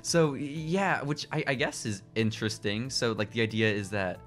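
Man co-hosting a podcast, lively swooping voice, casual chat, faint music underneath. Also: medium pitch. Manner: animated, laughing, quick bursts. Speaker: podcast co-host.

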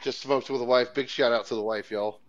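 A man's voice: mid-range voice, steady tone, fairly quick, a little hiss or hum. A young man, rambling through profane, laid-back stories as a podcast co-host. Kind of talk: casual chat. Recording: dull lo-fi sound.

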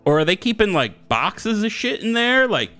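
Bright-voiced man rambling on a podcast. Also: high-pitched, very animated, normal speed, faint music behind. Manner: rambling, swears casually, goes off on tangents. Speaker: podcast co-host. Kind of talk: casual gaming podcast chat.

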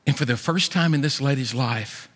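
A man preaching a sermon in a large church, folksy and animated, often repeating his words. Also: medium pitch, moderate pace. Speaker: pastor. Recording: echoey church hall.

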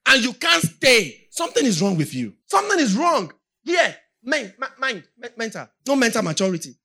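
A Nigerian woman preaches with a bright, forceful voice and a Nigerian accent. She drives her points home by repeating them, and her delivery swells from level talk into shouted emphasis. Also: a little high, sing-song, normal speed, slightly rough. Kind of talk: sermon.

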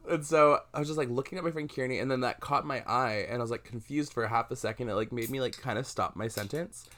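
A man's voice: medium pitch, fast, a bit bright. A young man co-hosting a casual podcast, telling a ghost story animatedly with lots of filler words. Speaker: podcast co-host.

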